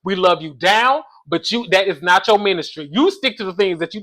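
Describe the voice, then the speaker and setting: A man casually reviewing a reality show episode, sassy and animated, calling his listeners baby and y'all, with features. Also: high-pitched, fairly quick. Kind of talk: casual chat.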